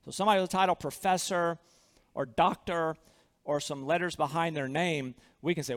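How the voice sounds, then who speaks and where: High-voiced Southern preacher in a hall. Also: male voice, brisk. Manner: earnest, emphatic preaching with repeated phrases. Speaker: pastor. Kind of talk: sermon.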